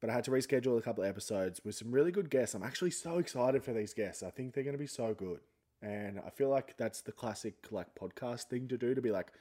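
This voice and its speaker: A man's voice: medium pitch, fast talker, dark tone. A young man hosting a solo podcast, talking a little funny from a sore jaw after having his wisdom teeth out, in a rambling, chatty, self-mocking way. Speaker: podcast host. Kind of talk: casual solo podcast chat.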